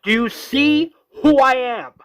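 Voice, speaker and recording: A man voicing a desperate male sheriff who pleads with an old friend, yelling in strained bursts. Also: medium pitch, a little slow, close to an everyday voice. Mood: desperate shouting.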